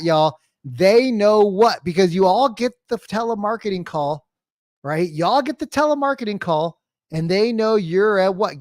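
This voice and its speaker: Sales coach guy, kinda high voice, super energetic, acts out calls, dry close mic. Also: no echo. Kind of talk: live-streamed sales training talk.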